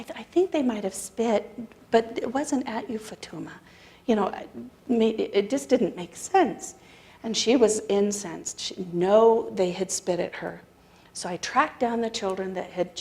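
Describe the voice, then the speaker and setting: Woman, mid-pitch, storytelling talk, animated, voices the people in her story. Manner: animated storytelling with quoted dialogue. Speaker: guest speaker.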